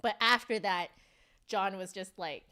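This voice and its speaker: Woman livestream host, unhurried, chatty, lots of fillers and laughs. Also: mid-range voice, sharp tone, clear, resonant tone. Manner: chatty, giggly, reads chat aloud; fillers, self-correcting. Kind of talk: casual livestream chat.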